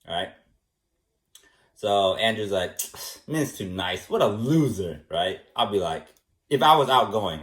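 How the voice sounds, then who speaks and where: A man in a casual rambling monologue who shrugs things off in soft, dismissive replies. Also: lowish voice. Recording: roomy echo.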